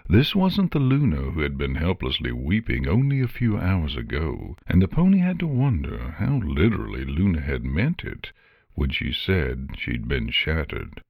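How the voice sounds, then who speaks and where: A man reading a story aloud in a measured, expressive way. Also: extremely low pitch, no echo, narrow, tinny audio. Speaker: narrator. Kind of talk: storybook narration.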